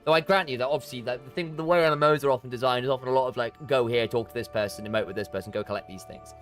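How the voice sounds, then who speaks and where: A man's voice: medium pitch, rapid-fire, fairly bright tone, faint music behind. A man streaming a game, chatting in a rambling, self-interrupting way as he plays and reads. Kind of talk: let's play commentary.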